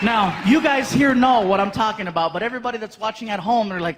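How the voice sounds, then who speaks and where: A man performs stand-up comedy on a stage microphone and tells stories with lively acted-out voices. His voice sits high for a man. A live audience and steady background noise fill the recording. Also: fast talker. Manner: animated, acts out voices. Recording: live show with crowd and noise.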